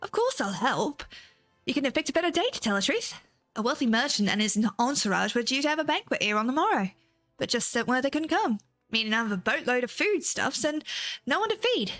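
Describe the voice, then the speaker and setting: 女性が演じる陽気で気前のいい宿屋の女主人、高めの声で明るく早口、作った訛り. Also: female voice, high-pitched, very animated, a bit bright, faint music behind, pitched above the performer's own voice. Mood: cheerful. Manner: brisk, chirpy, put-on accent. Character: generous cheerful female innkeeper.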